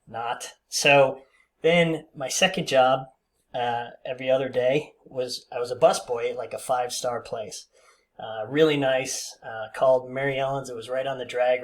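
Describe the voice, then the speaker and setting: A man's voice: medium pitch, steady tone, normal speed. A man in his fifties telling a casual, rambling story with many fillers and restarts. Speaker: vlogger.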